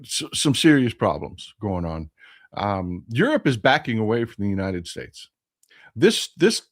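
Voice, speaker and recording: Lively-voiced man hosting a livestream. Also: mid-range voice. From Texas. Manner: rambling, impassioned, folksy. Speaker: live stream host. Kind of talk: casual political livestream commentary.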